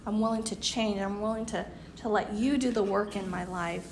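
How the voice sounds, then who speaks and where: A woman's voice: medium pitch, fairly even intonation, moderate pace, slight background noise. A woman in her fifties giving an earnest devotional talk, laughing now and then, losing her voice. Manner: earnest, laughs often, voice dips quiet at ends. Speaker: women's group speaker.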